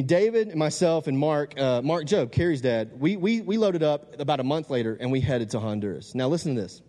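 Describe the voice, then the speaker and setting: A man from Louisiana, telling a funny story to an audience from the stage and acting out the voices. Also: high voice. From Louisiana, USA. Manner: animated, joking, acts out quoted voices. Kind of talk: humorous storytelling talk to an audience. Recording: long hall reverb.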